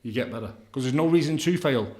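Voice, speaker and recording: A man's voice: medium pitch, expressive, quick pace, darkish tone. A middle-aged man, a counsellor talking bluntly in a casual podcast interview, repeating himself and leaning on tag questions. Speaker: addiction counsellor guest. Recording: roomy echoey room.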